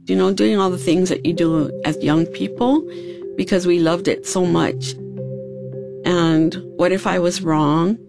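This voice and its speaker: A woman's voice: on the low side, vocal fry. A woman, a hula dancer telling her own story in an earnest, reflective way. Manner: earnest, reflective, recalls events step by step. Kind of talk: personal storytelling. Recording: music playing underneath. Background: background music.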